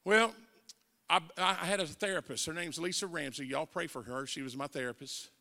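An older man preaching a folksy testimony sermon as an evangelist, telling stories and rising into shouted preaching. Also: on the high side, normal speed, gravelly. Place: church sanctuary. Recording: long church hall reverb.

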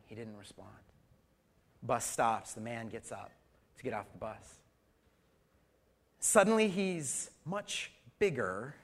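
Preaching at medium pitch, a middle-aged male pastor alternates between booming emphasis and hushed quiet, lightly joking as he puts questions to his congregation.

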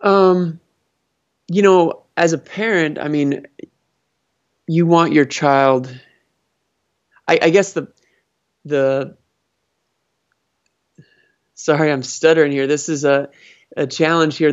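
A man advising on family businesses, speaking thoughtfully with many fillers and restarts. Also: fairly high pitch. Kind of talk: conversational interview answers. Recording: dull lo-fi sound.

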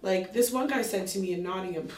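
Woman comedian, lively blunt storyteller, swears, roomy sound, distant mic. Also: mid-range voice, fast, a little hiss or hum. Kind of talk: casual chat, telling stories.

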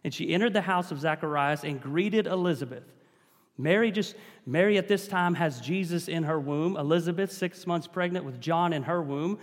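Man, preacher, sermon, slightly higher voice, emphatic, church reverb. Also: moderate pace. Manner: preaching with rising emphasis and calls to the congregation.

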